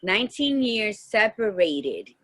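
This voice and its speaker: A woman with a bright, clear voice co-hosts a relaxed podcast conversation. She tells personal stories with feeling and acts out the dialogue in them. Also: medium pitch, slow pace. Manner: heartfelt storytelling, acts out dialogue. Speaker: podcast co-host. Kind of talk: casual chat.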